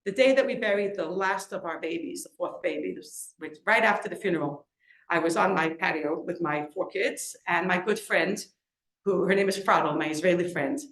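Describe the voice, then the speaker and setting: A middle-aged woman, an author and lecturer, giving an inspirational storytelling talk, acting out quoted voices with big leaps in pitch. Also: normal speed, a bit bright, echoey room. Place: lecture event in a room.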